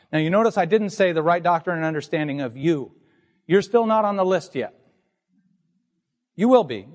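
A man's voice: high-pitched, big-room sound. A man pastor preaching an emphatic, teacherly sermon to his congregation in a church sanctuary.

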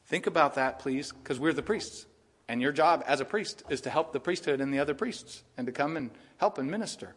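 A man preaching a sermon in a church, rising loud for rebukes and dropping quiet to mock excuses. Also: fairly high pitch, animated, fairly quick, long reverb tail. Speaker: pastor. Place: church sanctuary.

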